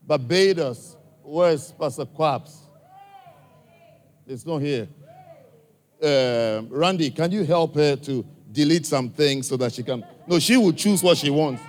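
Male church speaker with an African accent, slightly high voice, direct and coaxing with the crowd, long hall reverb. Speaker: church speaker addressing a congregation. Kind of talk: live address to an audience.

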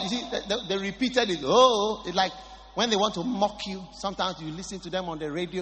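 A man's voice: sits high, a little fast, sharp tone, in a large hall. A man preaching a sermon, emphatic and repeating his phrases for stress.

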